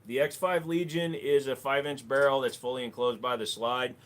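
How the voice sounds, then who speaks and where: A man's voice: mid-range voice, steady tone, normal speed, a bit bright. A man hosting a live stream, answering viewer questions with dry jokes. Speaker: livestream host. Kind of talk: casual live Q&A chat.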